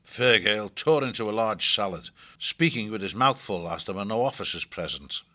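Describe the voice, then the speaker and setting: A man narrating an audiobook with a measured, expressive reading. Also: fairly low pitch.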